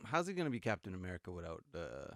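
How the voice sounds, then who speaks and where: Lively, bright-voiced man bantering. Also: low-pitched, fast talker, vocal fry, dry recording, studio quality. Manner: animated, laughing, slangy banter. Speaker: podcast co-host. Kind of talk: casual chat.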